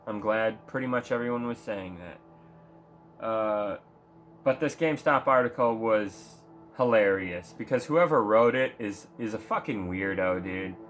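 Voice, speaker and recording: Soft music sits under a man's fairly low, slightly bright voice, which moves at a measured pace. As a gaming vlogger, he rambles through a crude, casual rant about video games, poking fun at them throughout.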